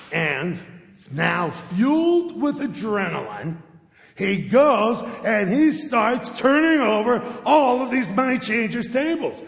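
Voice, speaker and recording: Gravelly high-voiced male pastor preaching. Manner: conversational storytelling, often checks in with "okay?". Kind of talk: sermon. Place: church sanctuary. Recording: echoey sanctuary with long reverb.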